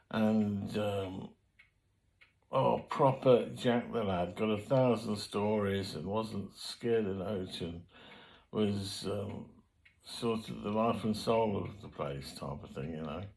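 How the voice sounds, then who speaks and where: An older man tells stories from his youth in a loose, meandering way. His voice sits low and has a gravelly rasp. He trails off and circles back in plain, everyday speech. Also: a little mellow, rough recording. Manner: rambling, colloquial, frequent fillers and self-corrections. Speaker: memoir storyteller. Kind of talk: casual spoken memoir.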